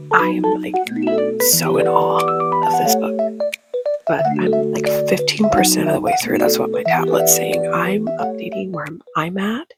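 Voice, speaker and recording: A woman's voice: on the low side, gravelly, husky, dry recording. A woman in her thirties, a book vlogger, chatting casually and gushing with many fillers, at first whispering so as not to wake her household. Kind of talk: casual chat.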